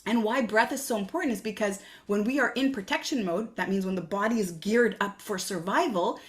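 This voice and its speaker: A woman's voice: medium pitch, fairly quick. A woman hosting her own podcast, talking earnestly and coaching listeners with reflective questions. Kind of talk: solo podcast talk.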